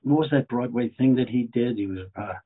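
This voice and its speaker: A man's voice: medium pitch, brisk, a little hiss or hum. A middle-aged man, a comedian, telling chatty stories about his career in a casual way. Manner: chatty anecdotal storyteller, repeats phrases. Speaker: guest comedian. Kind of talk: casual storytelling. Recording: phone-like narrow audio.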